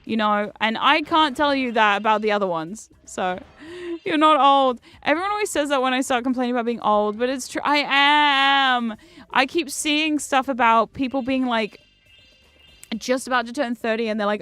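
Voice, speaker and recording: Woman streamer with a fairly high voice, chatty and self-mocking, recorded dry with faint music underneath. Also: moderate pace, clear, resonant tone, no room sound. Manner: animated, jumps between loud outbursts and low asides. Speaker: streamer playing a video game. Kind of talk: casual chat while gaming.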